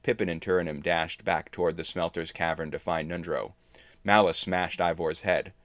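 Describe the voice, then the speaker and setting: A man narrating a tabletop game session as a story in steady, understated prose. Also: low voice, moderate pace, no echo.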